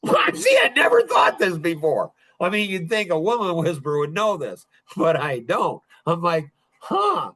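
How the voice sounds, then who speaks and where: Middle-aged male podcast host, casual storyteller, slightly high and very animated pitch, chuckles often. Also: normal speed, hardly any pauses.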